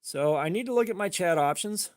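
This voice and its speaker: A man streaming live, telling a rambling, profane story in a casual way and getting animated when he quotes people. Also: high-pitched, fairly quick, dry recording, clean studio sound. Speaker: livestream host.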